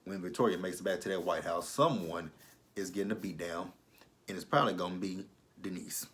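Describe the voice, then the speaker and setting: A man's voice: deep voice, a little fast, a bit bright. A man recapping a TV episode in a casual vlog, blunt and profane, with incredulous asides. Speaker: TV episode reviewer.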